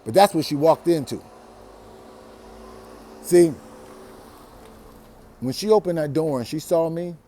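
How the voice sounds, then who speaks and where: A man from Los Angeles hosting a storytelling show, telling a personal story in a casual, profane way that swings from hushed to loud. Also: fairly high pitch, takes it slowly, pauses often, a little hiss or hum. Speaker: storytelling host.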